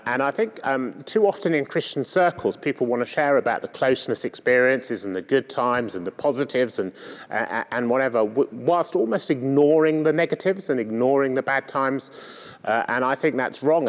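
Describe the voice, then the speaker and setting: A man preaching a sermon in a church, hesitant and full of fillers and restarts. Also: mid-range voice. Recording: long church reverb.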